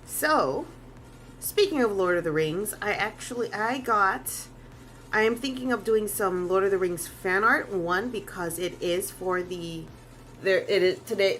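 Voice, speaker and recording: A woman artist talks through a drawing stream at a middle pitch, loose and rambling. She restarts her sentences, drops in casual swears and never sounds scripted. A faint bed of room ambience sits under her voice. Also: a little hiss or hum. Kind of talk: casual live-stream chat.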